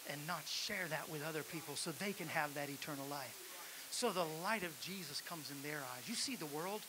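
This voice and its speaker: High-pitched male preacher, fiery sermon, hissy live church recording. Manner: exhorting the congregation, building to shouts. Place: church sanctuary.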